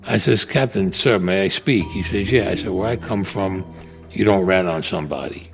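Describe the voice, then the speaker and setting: Gruff older New man. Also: low-pitched, moderate pace, music in the background. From Brooklyn, New York. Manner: gruff, blunt street talk, acts out dialogue. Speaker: interviewee, Vietnam veteran. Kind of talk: storytelling interview.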